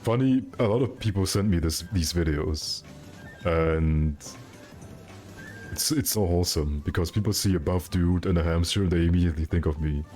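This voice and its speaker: A man's voice: deep voice, moderate pace, a little mellow, soft background music. A man streaming a game, chatting casually with his viewers in a joking, self-mocking, rambling way. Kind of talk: casual live-stream chat.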